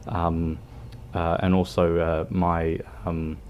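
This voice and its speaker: Low-voiced aussie guy rambling to chat on a game stream, slow and hesitant. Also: monotone, lo-fi sound, slight background noise. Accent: Australian. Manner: hesitant, many ums and restarts. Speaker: livestreamer. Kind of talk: casual chat while gaming.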